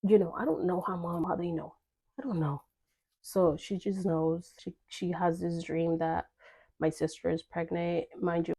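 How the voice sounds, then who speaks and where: Speaking in a fairly low, creaky, warm voice, a young woman shares a personal story vlog-style. She chats with plenty of fillers and performs the lines of dialogue she quotes.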